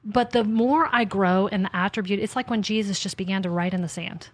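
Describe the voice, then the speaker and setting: A woman who is an author and podcast host chats casually about faith, animated and talkative, acting out her conversations with God in little asides. She speaks fairly quickly in a mid-range voice, with no room sound.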